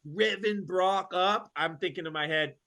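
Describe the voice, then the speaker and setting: Male wrestler guest with a high voice, loose storyteller, heavy on slang. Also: a little slow. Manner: animated, full of fillers and slang. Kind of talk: casual storytelling.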